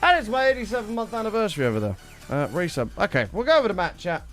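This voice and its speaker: A young man chatting with his stream audience in an excitable, casual way, his voice worn and strained. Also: sits high, racing, soft background music. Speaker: livestreamer.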